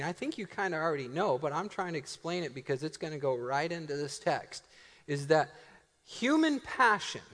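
A middle-aged man delivers a sermon in a church sanctuary. His voice is lively and moves around a lot, with playful asides and laughter that give way to slow, emphatic lines. The sound carries a long, echoing hall reverb. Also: a little high. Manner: animated, joking, laughs often, builds to emphatic slow phrases. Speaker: pastor.

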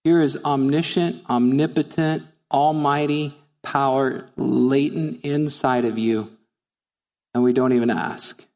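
A man's voice: a little high, a little mellow. Preaching man in a reverberant church. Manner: storytelling, rising to fervent rhetorical questions. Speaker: pastor. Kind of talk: sermon. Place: church sanctuary.

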